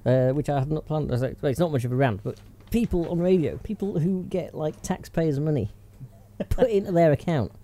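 A man's voice: a little high, a little fast, few pauses, dark tone. A man co-hosting a podcast, ranting casually, laughing and swearing. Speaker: podcast co-host. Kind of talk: casual chat.

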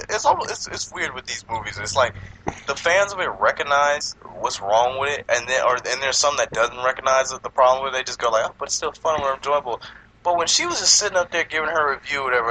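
A man hosting a casual movie podcast, rambling and profane, acting out quotes and laughing loudly. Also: medium pitch, expressive, fast, a little hiss or hum, low-quality recording.

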